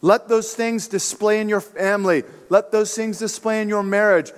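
A man's voice: high voice, steady tone, normal speed. A man preaching with a slightly raised voice, conversational and emphatic, and he mixes casual asides into his sermon. The sound trails off with the long reverb of a church hall. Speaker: pastor.

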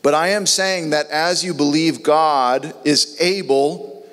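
A man's voice: on the high side, slow, fairly bright tone. Earnest preacher man, echoing hall. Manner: earnest, acts out biblical dialogue in voices. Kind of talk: sermon. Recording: long reverb.

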